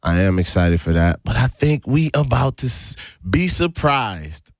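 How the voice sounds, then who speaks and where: A man from hosting a casual radio talk show, unhurried and drawn-out, laughing often. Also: mid-range voice, sing-song, no echo. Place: radio studio. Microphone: studio microphone. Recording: dry close studio sound.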